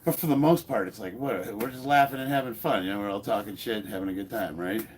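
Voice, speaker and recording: A fitness YouTuber in his forties chats casually in his home garage gym, reading comments aloud. He's blunt and joking, laughs often, and swears freely. His voice is lowish, fast and darkish, with a little hiss or hum.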